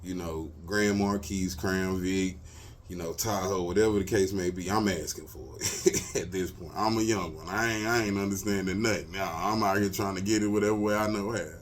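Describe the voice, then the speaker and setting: A deep-voiced man talks through his own stories. His delivery is relaxed and slangy, full of asides to the listener. A faint ambient noise sits under the voice. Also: moderate pace. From Texas, US. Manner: loose slangy talk, lots of "you feel me". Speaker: show host. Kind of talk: casual personal storytelling.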